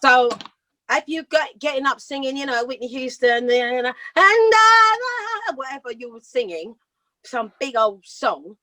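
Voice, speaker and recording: A British woman in her fifties, a singer telling rambling, lively stories in a casual interview and laughing often. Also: high-pitched, unhurried, dry recording. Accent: British English. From Britain. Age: 50s. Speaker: singer guest. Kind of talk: casual storytelling chat.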